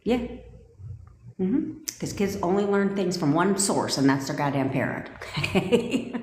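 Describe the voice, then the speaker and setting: A fired-up woman in her thirties from California, coaching her livestream viewers in blunt, profane, heated bursts. Her voice sits a little low, and she talks into a phone in a room with a clear echo. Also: expressive, measured pace, darkish tone, slight background noise. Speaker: manifestation coach. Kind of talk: casual livestream talk. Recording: roomy echo.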